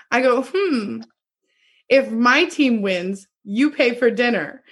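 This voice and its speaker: A woman's voice: on the high side, lively intonation, slow pace, husky. A young woman co-hosting a podcast, animatedly retelling a dating story with acted quotes and laughter. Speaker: podcast co-host. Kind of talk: casual chat, storytelling.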